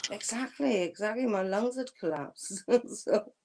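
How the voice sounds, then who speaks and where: A woman's voice: mid-range voice, a little slow, darkish tone, a little hiss or hum. A woman, a guest telling a personal story candidly in casual chat. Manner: candid storytelling with frequent laughs.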